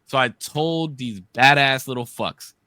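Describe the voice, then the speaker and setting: Male co-host in his thirties, animated profane storyteller, sharp bright tone. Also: mid-range voice, unhurried, dry recording. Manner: animated, profane storytelling with loud quoted outbursts. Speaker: podcast co-host. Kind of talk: casual storytelling.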